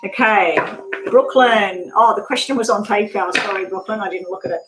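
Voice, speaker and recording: A woman with a mid-range voice gives a live-stream tarot reading at normal speed over music, chatting casually with viewers, laughing often and swearing now and then. The room adds a noticeable echo.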